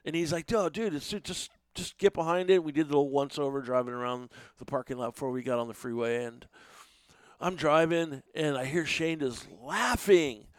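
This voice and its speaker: Middle-aged man, higher pitch, smooth clear voice, dry close mic, loose storyteller. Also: no room sound. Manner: animated, swears freely, shouts when acting out others. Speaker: podcast guest telling stories. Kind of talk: casual storytelling chat.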